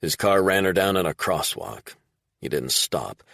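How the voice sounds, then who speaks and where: A blunt former federal agent who swears freely, his voice very deep and gravelly, as the narrator reads him. The sound is dry and close, with lively pitch swings in a stern audiobook read. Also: unhurried, no echo, exaggerated voice. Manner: blunt, profane. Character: blunt, angry middle-aged man, ex-federal agent.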